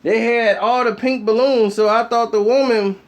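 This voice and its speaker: A man's voice: very high-pitched, steady tone, normal speed. A man ranting casually to the camera with slangy talk, telling funny stories and laughing often. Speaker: vlogger. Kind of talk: casual comedic rant to camera.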